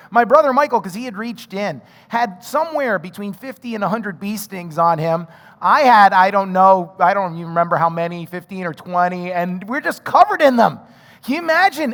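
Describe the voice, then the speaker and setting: A male pastor from North Carolina in his thirties, preaching a sermon through an animated personal story with frequent asides to the congregation. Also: high-pitched. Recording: reverberant hall.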